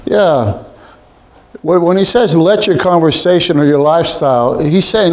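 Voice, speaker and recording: A man leading a group Bible study in a room with others present, halting, with many restarts and frequent throat clearing. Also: fairly high pitch.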